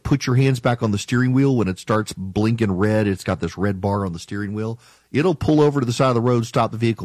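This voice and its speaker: A man's voice: lowish voice, darkish tone, dry recording. Emphatic, argumentative talk radio man. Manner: emphatic, argumentative, mock-quotes critics. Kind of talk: opinionated talk radio monologue.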